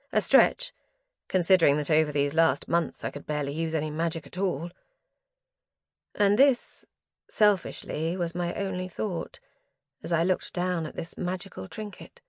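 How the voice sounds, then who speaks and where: A woman narrates a first-person fantasy novel with dramatic, expressive storytelling. Her voice sits low, and the recording is dry and close, with no room sound. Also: no room sound. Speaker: audiobook narrator.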